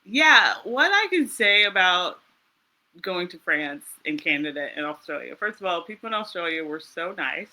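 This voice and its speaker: An American woman telling travel stories in casual chat, animated and laughing often. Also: fairly low pitch, moderate pace. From United States. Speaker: interview guest.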